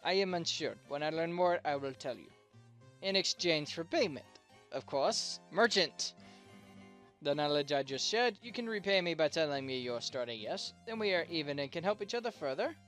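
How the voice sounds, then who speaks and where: A man's voice: a little high, lively intonation, normal speed, a bit bright, faint music behind. A man voicing a humble, polite female trader in a video game, speaking in stiff, formal phrases with a vague foreign lilt. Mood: courteous. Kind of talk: reading game dialogue aloud.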